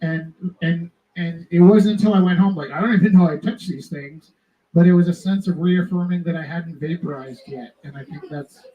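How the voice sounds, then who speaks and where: A man hosting a live art auction, telling rambling personal stories to the audience in an animated, self-interrupting way. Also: on the high side, moderate pace, narrow, tinny audio. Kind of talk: casual storytelling to a live audience.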